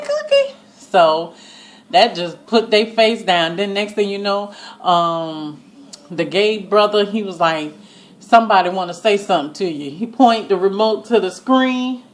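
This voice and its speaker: A woman giving a casual, animated recap of a TV episode, acting out the lines as she goes and shrieking with laughter at the twists. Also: medium pitch, a little hiss or hum. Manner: gives each line of dialogue in passing. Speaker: TV recap vlogger.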